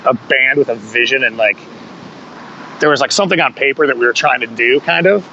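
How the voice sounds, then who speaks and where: A man's voice: medium pitch, a little fast, pushed and bright. A man talking as a guest on a podcast about his punk band, telling stories loosely with lots of swearing and little laughs. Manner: loose, rambling storytelling with frequent swearing and chuckles. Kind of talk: casual conversational interview. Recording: dull lo-fi podcast audio with faint hum.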